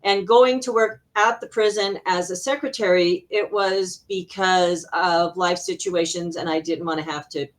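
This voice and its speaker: A middle-aged woman from Arizona, an interview guest and healer, telling personal stories in a casual, animated way with frequent laughter. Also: mid-range voice. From Arizona, USA.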